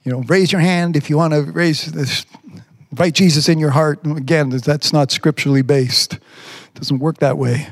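Male pastor, fairly high voice, preaching a sermon; slow scripture reading, pitch climbs for emphasis. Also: fairly even intonation. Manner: preaching, reads scripture slowly, rises in pitch when emphatic. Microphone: remote stream from a device on batteries.

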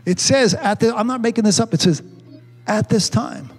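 A man's voice: high voice, animated, moderate pace, breathy edge, soft background music. A man preaching a sermon with fervor, often saying amen and hallelujah and calling on the congregation to answer him. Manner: fervent, repeats amen and hallelujah; calls for congregation responses.

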